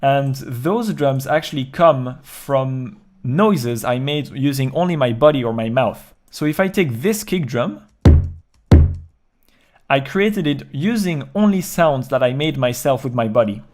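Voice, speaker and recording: Male producer, home studio, calm tutorial walkthrough, faint music under the voice. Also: mid-range voice, unhurried. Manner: calm step-by-step walkthrough, counting beats aloud. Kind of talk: explaining a music production process.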